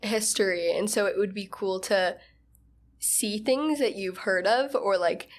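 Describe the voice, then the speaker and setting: A woman's voice: mid-range voice, a little slow. A woman co-hosting a podcast, chatting in an easygoing, reflective way and saying "like" often. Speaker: podcast co-host. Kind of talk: casual chat.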